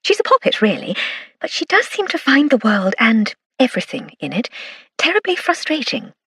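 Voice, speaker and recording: A woman's voice: fairly high pitch, wildly swooping pitch, moderate pace, bright, forceful tone, breathy edge, no echo, clean studio sound, pitched above the performer's own voice, full character voice. A woman voicing a cheerful, effusive upper-class Edwardian lady in an audiobook. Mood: gushing. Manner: gushing, theatrical emphasis.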